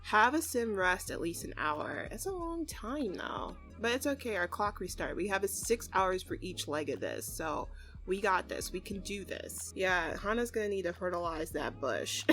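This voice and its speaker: A woman's voice: medium pitch, normal speed, soft background music. Bubbly woman gushing over her game. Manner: bubbly and excitable, laughs often, squeals. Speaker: let's play host. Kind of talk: casual gameplay commentary.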